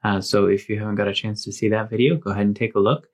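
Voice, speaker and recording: Man, language teacher, lower voice, patient, repeats words twice. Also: little pitch movement. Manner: patient, repeats each word slowly twice. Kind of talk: spoken language lesson.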